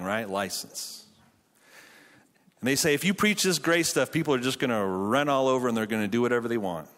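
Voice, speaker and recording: A man in his thirties speaks from a conference stage at a mid-range pitch. He mixes jokey storytelling with earnest preaching. The tone is that of a casual but committed conference sermon. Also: fairly bright tone. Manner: jokey storytelling, then earnest Bible teaching. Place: conference hall.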